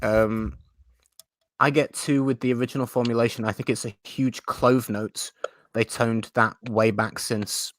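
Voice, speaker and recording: A man's voice: medium pitch, steady tone, measured pace. A man hosting a live stream chat, talking in a chatty, self-mocking way and laughing often. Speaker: host.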